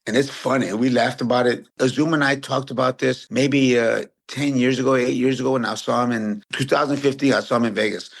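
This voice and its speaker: A man in his fifties from San Antonio, a retired boxer telling stories as a podcast guest, relaxed and animated. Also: medium pitch, fairly quick, gravelly, few pauses. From San Antonio, Texas. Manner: relaxed, animated storyteller who acts out quotes. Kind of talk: casual interview storytelling.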